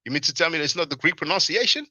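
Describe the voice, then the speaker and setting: A man's voice: a little high, expressive, rapid-fire, pushed and bright, no room sound. A man hosting a casual livestream, laughing often and reading chat comments aloud to answer them. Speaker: livestream host. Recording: dull, lo-fi stream audio.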